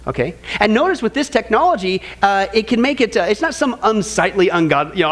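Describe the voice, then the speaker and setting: A man with a notably high voice preaches a Bible study with strong emphasis. He calls his listeners folks, stacks repeated phrases and fires off rhetorical questions. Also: big pitch swings, fast, few pauses, fairly bright tone. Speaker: Bible prophecy teacher. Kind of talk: sermon-style Bible study.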